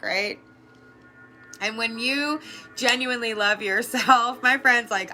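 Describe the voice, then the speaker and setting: A woman speaks with a bright, clear tone in a casual, earnest motivational talk, chatty and quick to laugh. She swears casually as she coaches her viewers. Faint music plays softly behind her. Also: on the high side. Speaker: energy worker and life coach.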